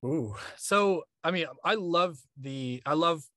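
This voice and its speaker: A man's voice: on the high side, takes it slowly, no echo, clean studio sound. A man from New York, a podcast co-host and audiobook narrator, joking and swearing in casual chat. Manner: joking, profane, animated.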